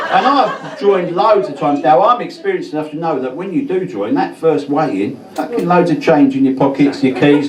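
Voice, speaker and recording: A man performing a stand-up comedy set in a pub, swearing often and stumbling over his words. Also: fairly high pitch. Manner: swears a lot, stammers and restarts. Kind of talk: stand-up routine. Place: pub function room with a live audience. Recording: roomy live pub set mic'd from a distance, loud crowd laughter.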